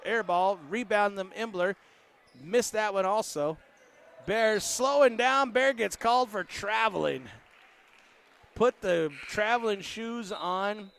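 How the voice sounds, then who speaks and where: A man with a high voice calls a basketball game play by play in an easy, joking way. He keeps up a running patter and makes up lines for the players, with a ball bouncing faintly in the gym behind him. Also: fairly bright tone. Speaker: play-by-play announcer. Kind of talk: casual sports commentary.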